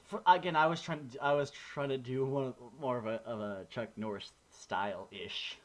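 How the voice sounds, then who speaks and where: A man's voice: mid-range voice, moderate pace. A man in casual podcast chat, telling rambling stories with lots of restarts. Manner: rambling, animated storytelling with many restarts. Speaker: podcast co-host.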